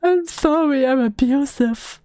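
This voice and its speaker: A woman's voice: high voice, unhurried, warm tone, no room sound. A woman voicing a clingy, apologetic young man, reading his messages in a mock plaintive whine. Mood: pleading.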